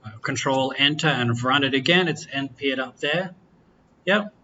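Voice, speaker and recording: Male lecturer, casual and joking, tense bright tone, lo-fi classroom capture. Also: mid-range voice, moderate pace, slight background noise. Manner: relaxed, chatty, self-correcting, jokes with students. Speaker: university lecturer. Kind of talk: classroom software walkthrough. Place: lecture room.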